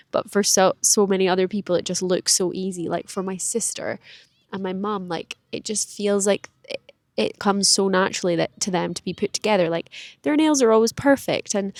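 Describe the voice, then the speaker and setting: A woman's voice: mid-range voice, a little mellow, dry recording. A woman, rambling candidly and self-deprecatingly in a personal vlog. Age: late 20s. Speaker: vlogger. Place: outdoors in a park.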